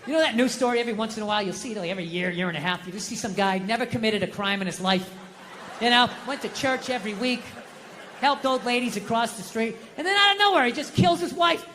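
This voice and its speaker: A man's voice: very high voice, fast talker, bright, forceful tone, a little hiss or hum. Profane, ranting stand-up comedian man. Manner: ranting, profane, exasperated storytelling. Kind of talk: stand-up routine. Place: live comedy stage. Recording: reverberant venue with faint background ambience.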